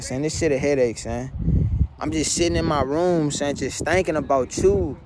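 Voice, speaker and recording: High-voiced man pleading in a vlog. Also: normal speed, darkish tone, slight background noise. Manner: pleading, repetitive, blunt and profane. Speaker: vlogger. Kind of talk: emotional personal monologue to camera.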